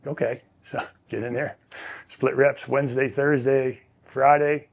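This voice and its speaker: A man, a former quarterback, telling stories as an interview guest in a relaxed, rambling way with many fillers and restarts. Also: mid-range voice, unhurried, gravelly. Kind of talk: casual storytelling.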